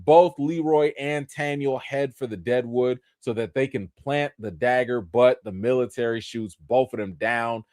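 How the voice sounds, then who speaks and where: In livestream review commentary, an animated man breaks down a TV episode, his medium-pitched voice leaping up and down as he explains. He's casual, using slang and plenty of fillers. The sound is dry and close, with no echo or room around it.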